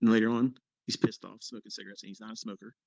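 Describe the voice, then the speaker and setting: Man, fifties, mentor telling a story: blunt, swears freely, punches lines with sharp pitch jumps; dry, close sound. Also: very animated, very fast, vocal fry, dry recording. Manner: blunt and profane, with sudden emphatic jumps in pitch. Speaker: trading mentor. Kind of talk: casual storytelling on a live audio chat.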